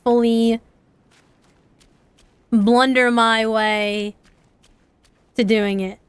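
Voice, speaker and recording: Clean and echo-free, the slightly high voice belongs to a young Appalachian-accented VTuber streamer. She rambles along casually as she plays a game, frequently breaking into laughter.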